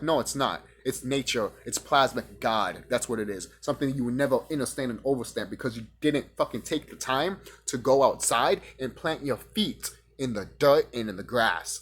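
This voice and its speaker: A man delivering a profane, confrontational rant straight at his audience, now and then mocking his critics in a higher voice. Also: moderate pace, hardly any pauses, a bit bright, a little hiss or hum. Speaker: vlogger ranting to camera.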